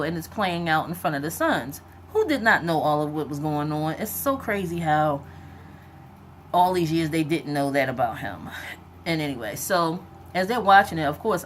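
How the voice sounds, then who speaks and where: A woman with a slightly low voice chats through a TV episode recap, loose and animated, dropping "like" and "whatever" everywhere. Faint hiss sits under her voice. She jumps into the characters' lines as she goes. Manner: frequent fillers like "like" and "whatever". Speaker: TV episode reviewer.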